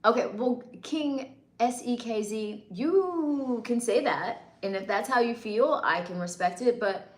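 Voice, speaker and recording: A woman's voice: a little high, measured pace. Playful woman livestreaming in a roomy space. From northeastern United States. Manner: playful, teasing, laughs often. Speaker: livestream host. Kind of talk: casual livestream chat reading comments.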